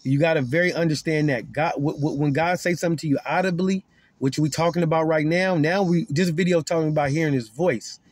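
A man with a fairly high, husky voice teaches scripture in a loose, heartfelt way. He circles back over his points, trips on and repeats words, and often sinks his voice down to something close to a whisper. The sound is close and dry, with no room around it. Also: brisk, dry recording. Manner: earnest, repetitive, stumbles and repeats words. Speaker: online preacher. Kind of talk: informal Bible teaching to camera.

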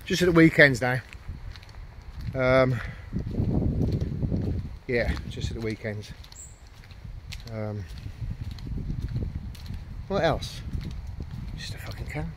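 A man's voice: medium pitch, animated, slow, pauses often, background noise. A man vlogging outdoors with his dogs, rambling and ranting, heavy with swearing and self-deprecating jokes. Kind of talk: casual rambling vlog.

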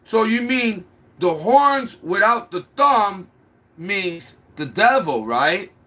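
A man's voice: high-pitched, sing-song, takes it slowly, pushed and bright, pitched above the performer's own voice, exaggerated voice. A man mocking a gasping, confused viewer. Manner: exaggerated mocking gasps. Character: confused, gullible adult viewer, easily alarmed.

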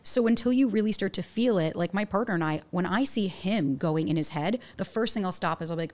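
A young woman coaching listeners on dating and talking at a quick clip. Her voice sits a little low. She tells animated stories and acts out quotes as she goes. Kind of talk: casual podcast conversation.

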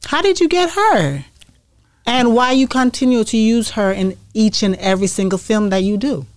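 A woman's voice: a little high, animated, moderate pace, no room sound, studio quality. A woman hosting a casual interview, mostly giving brief affirming responses and asking questions. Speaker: show host.

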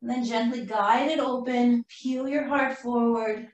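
A woman teaching a live yoga class, cueing poses calmly while doing the flow herself and running out of breath. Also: fairly high pitch, unhurried. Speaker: yoga instructor. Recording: roomy echo from far off the mic.

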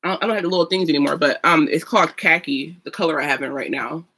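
A woman's voice: low voice, quick pace, pushed and bright, breathy edge. A young woman chatting casually while doing her makeup at home, gushing and full of fillers. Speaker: beauty vlogger. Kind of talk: casual get-ready-with-me chat.

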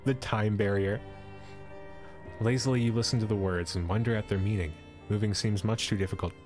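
A man's voice: on the low side, fairly even intonation, brisk. Brief: male streamer narrating a storybook, casual jokey asides, faint music under him. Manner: playful asides and laughs between narration. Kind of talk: reading a storybook aloud to a live stream.

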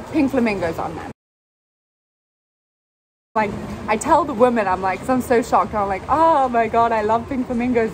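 A young woman vlogging on her phone while walking around a city, chatty and excitable, with lots of "like"s and laughter. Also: a little high. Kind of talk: casual travel vlog talk. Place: out and about in a city, in and out of doors. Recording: phone vlog with clear street noise. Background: street and traffic noise.

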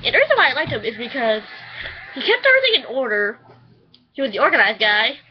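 A chatty woman rambles through a casual review at home and bursts into swearing. Her voice sits a little high. The recording is dull and lo-fi. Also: sing-song, fast, slightly rough. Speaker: anime reviewer.

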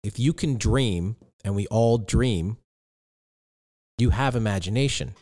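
A middle-aged man hosting a podcast, talking listeners through relaxed advice in a playful, conversational way and speaking to them directly. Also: fairly low pitch, takes it slowly. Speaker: podcast host.

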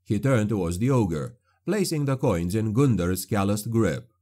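A man reading a dark fantasy audiobook in a grave, measured narration. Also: on the low side, animated.

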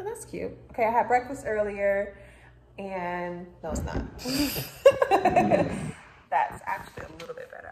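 A woman chatting casually to her viewers while doing her hair at home. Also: mid-range voice. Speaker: vlogger. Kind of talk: casual vlog chat. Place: at home indoors. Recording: echoey room, faint background noise.

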